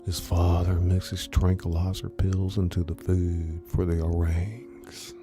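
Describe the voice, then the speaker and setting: A man reading a story aloud in a soft, unvoiced whisper, as whispered role-play. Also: low-pitched, little pitch movement, takes it slowly, music in the background. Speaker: narrator, reader.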